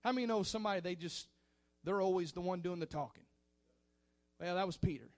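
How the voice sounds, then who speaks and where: A man's voice: high-pitched, brisk. A man preaching a sermon in a fervent, emphatic manner.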